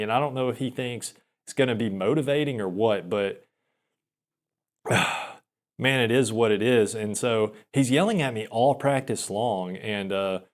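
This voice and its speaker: Rambling self-deprecating young man. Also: medium pitch. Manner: rambling, self-deprecating, frequent restarts and laughs. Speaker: podcaster. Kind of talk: casual storytelling monologue.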